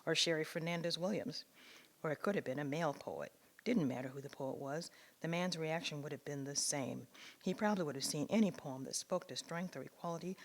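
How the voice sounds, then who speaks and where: A woman, a writer, reading her own memoir piece aloud in a measured, expressive way. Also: low voice.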